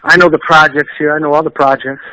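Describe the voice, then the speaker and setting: Fast-talking, bright-voiced man from Toronto. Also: fairly high pitch, smooth, no echo, muffled recording. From Canada. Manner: animated, rambling storyteller, laughs often. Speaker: guest, reggae singer. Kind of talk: casual interview chat.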